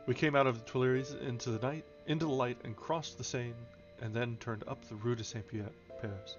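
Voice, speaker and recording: A man's voice: mid-range voice, fairly even intonation, fairly quick, hardly any pauses. Man reading a novel aloud, lo-fi. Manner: stumbles and corrects himself on foreign names. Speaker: audiobook reader. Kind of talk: novel read aloud on a livestream. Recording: dull lo-fi with faint music.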